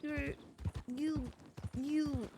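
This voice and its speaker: A woman streamer playing a deputy in a roleplay game, telling stories in an animated, laughing way with a Southern drawl. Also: high-pitched, drawn-out words, music in the background. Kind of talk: casual in-character storytelling.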